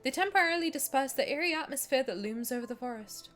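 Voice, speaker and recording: A young woman livestreaming, her voice sitting a touch high and swinging widely as she jokes, swears and reads game lines aloud. She breaks into giggles easily, with soft game music faintly behind her. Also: expressive, quick pace. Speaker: streamer. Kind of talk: casual livestream chat, reading game text aloud.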